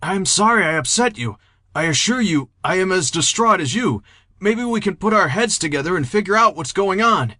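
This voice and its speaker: A man doing a bewildered, overly polite gentleman. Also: sits high, lively intonation, normal speed, no room sound, clean studio sound, pitched above the performer's own voice, heavily acted. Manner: courteous, old-fashioned speech. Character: confused, polite, overly formal grown man.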